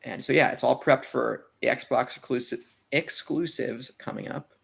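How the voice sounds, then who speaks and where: A man's voice: medium pitch, normal speed, vocal fry, breathy edge. A man co-hosting a podcast, chatting casually in a rambling way that often trails off mid-sentence. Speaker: podcast co-host. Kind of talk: casual chat.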